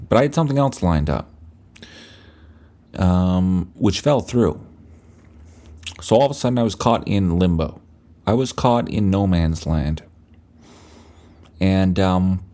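Deep-voiced man rambling profanely. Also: dark tone. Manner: rambling, profane, self-mocking storytelling. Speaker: podcast host. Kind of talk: casual solo monologue.

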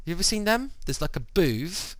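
A man's voice: sits high, very animated, moderate pace, dry recording. Rambling man telling a story. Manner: rambling storyteller, many fillers, acts out quoted lines. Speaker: podcast host. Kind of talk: casual chat.

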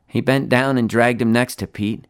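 A man reading his own short story aloud in a quiet, plain, unhurried manner, spoken-word style. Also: mid-range voice, steady tone, smooth, dry recording, clean studio sound.

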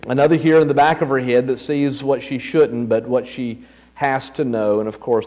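A man voicing the Lord as a proud, eager creator in a read-aloud story, listing details with excitement. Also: mid-range voice, close to an everyday voice.

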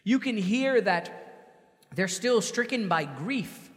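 High-voiced man preaching in a reverberant hall. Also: expressive, takes it slowly. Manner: conversational preaching, acts out quoted voices. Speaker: pastor. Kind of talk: sermon.

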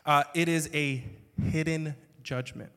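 A male pastor gives a sermon in a church sanctuary. His voice sits somewhat high for a man and moves from an easy, joking delivery into loud, emphatic outbursts. A long reverb from the hall trails after every phrase. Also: fairly even intonation, measured pace, clear, resonant tone. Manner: conversational, joking, swings to loud emphatic bursts.

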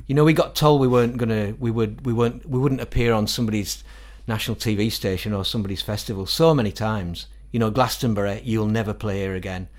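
A middle-aged man with a Northern English accent, a musician guest telling animated stories in a casual interview. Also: lowish voice, quick pace, few pauses. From England. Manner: animated, quotes others in acted-out voices, laughs often.

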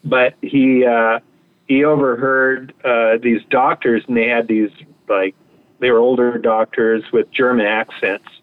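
A man's voice: mid-range voice, flat delivery, measured pace. A male guest telling stories in a rambling, casual way. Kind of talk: anecdotal storytelling. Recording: tinny phone line.

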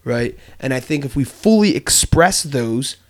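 A man's voice: medium pitch, lively intonation, measured pace. Earnest young man talking on a podcast. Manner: earnest, reflective, many fillers and restarts. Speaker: podcast co-host. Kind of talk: casual podcast conversation.

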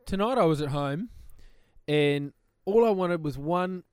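Animated, high-pitched man. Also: unhurried, clear, resonant tone, no echo, clean studio sound. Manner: animated, laughing, acts out quoted voices. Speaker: podcast co-host. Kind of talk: casual storytelling chat.

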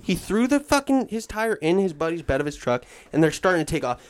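A man telling a long story in casual, profane talk, acting out what people said with big swings in voice. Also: a little fast. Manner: animated, acts out quotes with swings in pitch and volume. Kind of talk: casual storytelling with heavy swearing.

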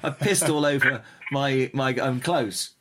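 A man's voice: medium pitch, heavy background noise. Rambling man telling festival stories. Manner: rambling, halting storyteller with many restarts. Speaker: podcast co-host. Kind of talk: casual chat.

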